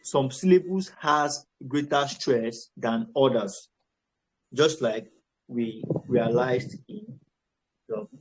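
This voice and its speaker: Slow-paced male English tutor. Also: medium pitch, slight background noise, poor audio. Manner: slow, repeats words to teach stress, checks with "all right". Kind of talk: online phonics lesson.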